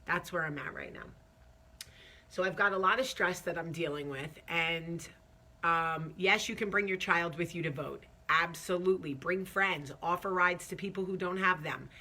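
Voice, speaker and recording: A woman's voice: lowish voice, moderate pace, pushed and bright. A woman hosting her own talk show, telling a story casually, chatty and candid with lots of fillers, sounding stressed and nervous. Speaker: vlog host.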